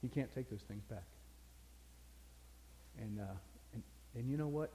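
A man's voice: medium pitch, unhurried, dark tone, slight background noise. Brief: older male pastor, folksy storytelling sermon, echoing hall.

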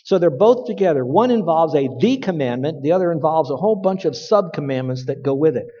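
Emphatic preacher in a reverberant hall. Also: male voice, a little high, lively intonation, dark tone. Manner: emphatic, slows down to stress key words. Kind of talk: sermon. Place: room with stage lights and sound equipment. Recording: dull, lo-fi audio with long hall reverb.

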